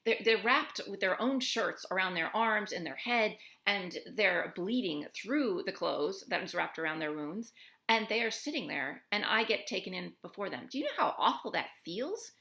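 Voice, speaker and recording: A young woman from the United States speaks earnestly and emotionally to her camera, peppering her talk with "like". Her voice is bright and forward. The room around her rings with a noticeable echo. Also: medium pitch, expressive, normal speed. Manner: earnest, emotional, heavy use of "like". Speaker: expat vlogger. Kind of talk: personal monologue to camera.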